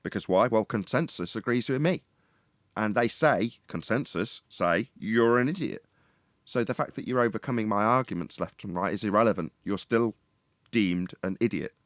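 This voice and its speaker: A man's voice: on the low side, normal speed, dry recording, studio quality. A man in casual debate chat, arguing at length and mocking opposing views. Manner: argumentative, mocking impressions of opponents.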